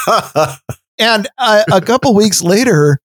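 A man co-hosting a podcast, telling stories in animated, casual chat with laughs. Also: sits high, slow pace, no echo, studio quality. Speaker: podcast co-host.

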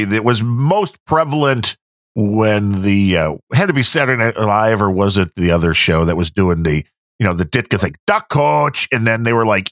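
On a clean studio track with no echo, a man with a lowish voice and a Midwestern American accent co-hosts a podcast. His casual storytelling is animated, peppered with laughs and mimicry of other people.

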